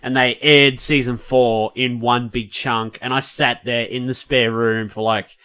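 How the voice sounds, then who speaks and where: An Australian man talking casually on a podcast, his voice bright and forward. He speaks with easy enthusiasm and drops swear words freely, pitched at a normal middle height. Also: steady tone, measured pace, smooth. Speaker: podcast co-host. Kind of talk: casual chat.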